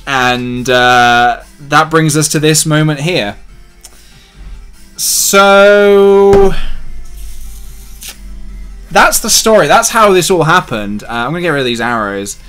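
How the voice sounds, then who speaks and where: A man's voice: on the high side, expressive, a little slow, bright, forceful tone, faint music behind. A young man hosting a live drawing stream, chatting with viewers in a rambling, self-mocking way. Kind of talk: casual live-stream chat while drawing.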